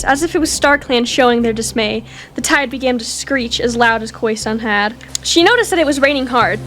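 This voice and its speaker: High-voiced woman narrating a roleplay. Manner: animated, rises high for shouted character lines. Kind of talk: reading a story roleplay aloud.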